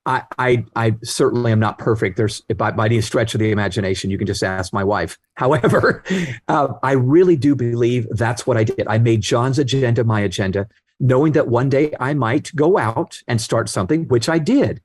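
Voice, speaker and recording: A man's voice: mid-range voice, normal speed, no echo. Earnest man in his sixties telling stories. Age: 60s. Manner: earnest anecdotes, acts out quoted voices. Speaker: guest author. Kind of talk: storytelling interview talk.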